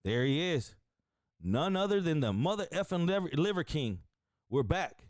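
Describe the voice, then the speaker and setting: A man hosting a casual streamed show, talking excitably and crudely straight to his viewers. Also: a little high, normal speed, no room sound, clean studio sound. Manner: excitable, profane, addresses viewers directly. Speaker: stream host.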